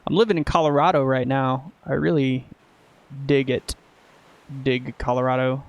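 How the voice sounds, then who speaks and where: A man's voice: medium pitch, steady tone, normal speed, highs cut off. A young man from Texas chatting casually and joking with profanity while playing a game. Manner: joking, profane, laid-back. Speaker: gaming streamer. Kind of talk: casual chat while gaming.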